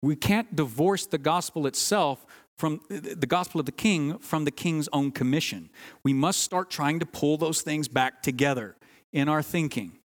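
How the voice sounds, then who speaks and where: A man's voice: a little high, moderate pace, long reverb tail. A man preaching a sermon, earnest and teaching, stressing key words and sometimes restarting phrases. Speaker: pastor.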